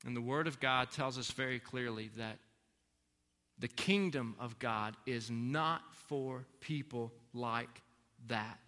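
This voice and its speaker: A pastor preaching a sermon, earnest and emphatic, repeating key phrases for weight. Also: male voice, medium pitch, sharp tone. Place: church sanctuary. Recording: long reverb of a large hall.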